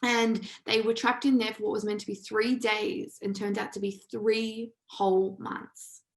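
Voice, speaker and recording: A woman's voice: medium pitch, level tone, measured pace, poor audio. A woman hosting a live online session, telling stories in an emphatic, casual way with some swearing. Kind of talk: motivational storytelling talk.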